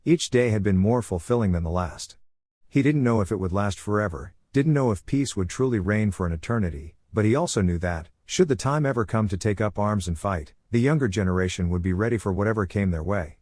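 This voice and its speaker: A man narrating a fan-fiction story in an even, plain reading manner. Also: lowish voice, fairly quick, no room sound, clean studio sound.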